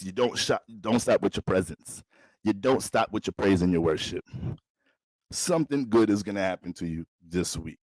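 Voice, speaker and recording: A man's voice: low-pitched, no room sound. A young adult man hosting a livestream, joking and profane in a preacher's style. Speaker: astrologer and livestream host. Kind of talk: mock sermon livestream chat.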